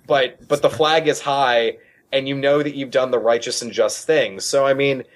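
A man's voice: mid-range voice, fairly even intonation, normal speed. A man, a guest on a talk show, telling a story and often repeating words as he gets going. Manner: repeats words when starting sentences. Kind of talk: animated storytelling.

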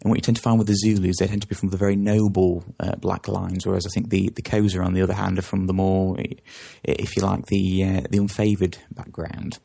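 Gravelly, husky-voiced man rambling in interview. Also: low-pitched, flat delivery, fairly quick, hardly any pauses, warm tone. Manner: rambling, with frequent self-corrections. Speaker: guest. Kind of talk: conversational interview.

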